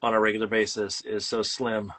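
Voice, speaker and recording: A man hosting a casual chat, pausing often and searching for his words. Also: on the low side, level tone, pushed and bright. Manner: hesitant, searches for words with many "uh" and "um". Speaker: podcast host.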